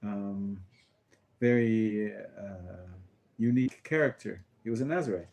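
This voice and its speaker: A man teaching a small class as a rabbi, talking casually about a text with halting phrasing, many fillers and restarts. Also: lowish voice, gravelly, a little mellow.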